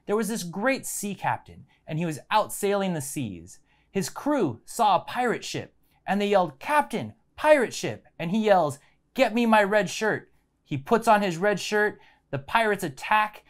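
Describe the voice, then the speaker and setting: A man hosting a science channel, calmly walking viewers through a hands-on demonstration step by step. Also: high voice. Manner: casual, step-by-step explaining. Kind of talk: instructional demonstration.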